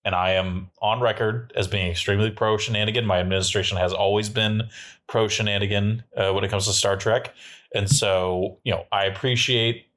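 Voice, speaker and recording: A man's voice: on the low side, fairly even intonation, a little fast, fairly bright tone. A man co-hosting a casual podcast with wry, mock-formal phrasing. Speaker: podcast co-host.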